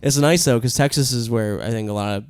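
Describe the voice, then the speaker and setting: Smooth-voiced joking young man. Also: mid-range voice, quick pace, no echo, studio quality. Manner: joking, laughs often, swears. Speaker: podcast co-host, stand-up comedian. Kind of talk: casual crude podcast banter.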